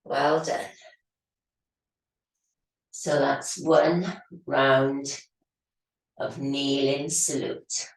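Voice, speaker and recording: A woman leading a guided yoga class with calm, steady breathing cues, her voice slightly hoarse as she is losing it. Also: rumbling low, drawn-out words, pauses often, distant mic. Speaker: yoga teacher. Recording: very echoey room, voice off-mic.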